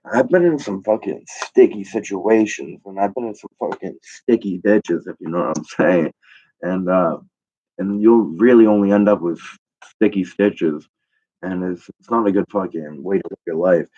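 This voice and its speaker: A young man with a very low voice spins a rambling, swear-heavy comic story, stacking fillers as he goes. The sound is dull and lo-fi. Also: normal speed, mellow. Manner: profane, rambling, full of fillers. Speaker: comedian. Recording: dull lo-fi recording.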